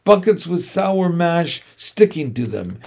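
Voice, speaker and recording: A man's voice: on the high side, big pitch swings, takes it slowly, darkish tone, heavily acted. A man reading aloud and voicing an old sheep who persuasively lists treats at length. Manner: listing things at length, persuasive.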